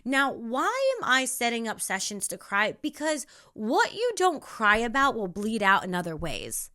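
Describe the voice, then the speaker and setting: A young woman hosting a spiritual self-help podcast, talking in an emphatic, repetitive, animated way. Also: a little high, a little slow. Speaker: podcast host.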